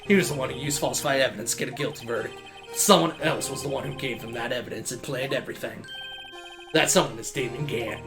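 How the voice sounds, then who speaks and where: A man voicing a laid-back cowboy detective with a slow, low drawl, over game music. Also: lightly acted.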